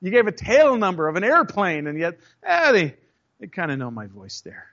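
This pastor's high voice swings hugely in pitch as he preaches at a moderate pace, telling stories, acting out voices in his anecdotes and speaking directly to his congregation in a conversational way. The tone is a bit bright and the audio lo-fi.

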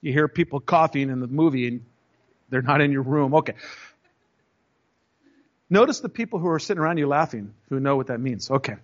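A man's voice: mid-range voice, lively intonation, brisk, long pauses, dull audio. A man preaching a sermon in a conversational way, telling stories, acting out voices and speaking straight to his congregation. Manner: storytelling, acts out voices in anecdotes; conversational, addresses the congregation directly. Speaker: pastor.

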